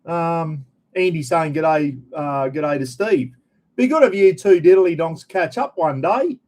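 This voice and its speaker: A man's voice: on the high side, a little slow, a little mellow. Chatty Australian man greeting viewers. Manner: rambling, chatty, frequent "bloody" and "mate". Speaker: livestream host. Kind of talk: casual live chat greeting viewers.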